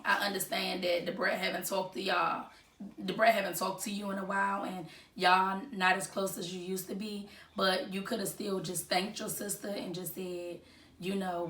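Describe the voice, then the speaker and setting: A woman's voice: mid-range voice, level tone, moderate pace, fairly bright tone, echoey room, far from the mic, slight background noise. A woman giving casual gossip commentary, chatty and full of fillers as she retells what others said.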